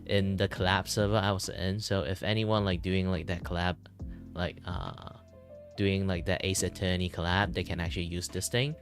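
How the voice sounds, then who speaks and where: A man's voice: deep voice, flat delivery, moderate pace, music in the background. A man from Malaysia with a Malaysian English accent, chatting casually on a stream, rambling and chuckling often. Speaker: vtuber streamer. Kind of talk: casual chat while drawing on stream. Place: his own room at home.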